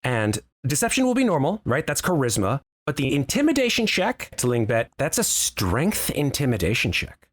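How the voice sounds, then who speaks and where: Man, game master narration, animated pitch, descriptive, hesitant storyteller. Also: moderate pace.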